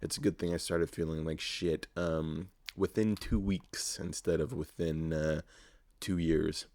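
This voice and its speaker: Very deep-voiced young man ranting casually. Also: fairly even intonation, a little slow, darkish tone, no echo. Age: early 20s. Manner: profane, rambling, self-mocking storytelling. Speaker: podcast host. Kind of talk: casual solo podcast monologue.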